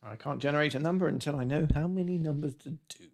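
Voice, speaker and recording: A man's voice: a little high, fast, creaky, a little mellow. Joking man hosting a quiz. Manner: jokey, slips into silly voices and song snippets. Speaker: quiz host. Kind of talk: casual online quiz banter.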